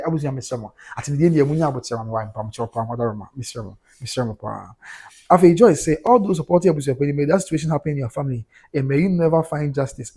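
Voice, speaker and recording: A Ghanaian man with a husky, breathy voice hosts a casual livestream. He reads viewer comments aloud one after another and reacts to each, switching between Twi and English. His pitch sits in an ordinary middle range. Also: a little mellow. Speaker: livestream host reading comments.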